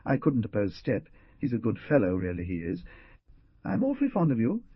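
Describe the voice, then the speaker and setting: A man voicing a nervous, evasive young gentleman. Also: mid-range voice, wildly swooping pitch, slightly rough, no echo. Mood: alarmed. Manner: earnest, quick protesting. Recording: dull lo-fi dry recording.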